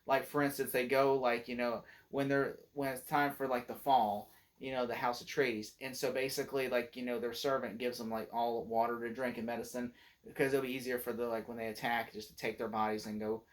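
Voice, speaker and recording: Man, movie reviewer, casual rambling recap, lots of fillers, excited. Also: medium pitch, fairly quick. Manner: rambling, many filler words and restarts, excited retelling of scenes.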